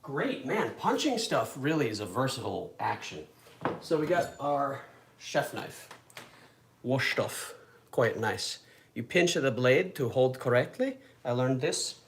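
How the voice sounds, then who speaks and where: Very animated yet unhurried, a young man with a medium-pitched voice and vocal fry chats while cooking one-handed at home. As a home cook vlogger, he rambles and jokes at his own expense. The sound is echoey, with heavy background noise from the kitchen.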